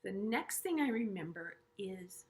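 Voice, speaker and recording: Middle-aged woman vlogging her own story, earnest, keeps restarting sentences, goes hushed sometimes, average pitch. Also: lively intonation. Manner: earnest, halting, with frequent restarts and hushed asides. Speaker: vlogger sharing a personal story. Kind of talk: personal storytelling to camera.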